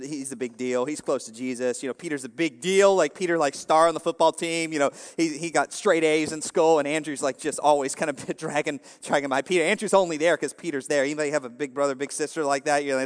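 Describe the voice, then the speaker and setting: A man whose voice is on the high side gives a casual, jokey sermon in a large hall. He rambles, peppering his talk with "you know" fillers and side comments to the audience.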